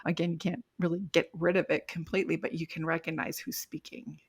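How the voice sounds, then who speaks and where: A woman's voice: low-pitched, level tone, a little fast, husky. A middle-aged woman, a life coach guest on a podcast, talking reflectively and laughing lightly as she explains. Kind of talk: casual podcast interview.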